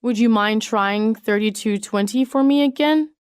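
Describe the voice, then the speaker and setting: A woman reading business English sentences aloud in a measured, clearly enunciated way. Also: on the high side, no echo, studio quality. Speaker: English phrase reader. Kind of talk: slow read-aloud example sentences.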